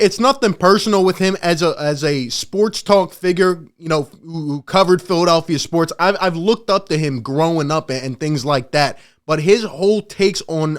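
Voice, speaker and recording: A man hosting a sports channel, ranting in emphatic, excitable commentary and laughing often. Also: high voice, clean tone.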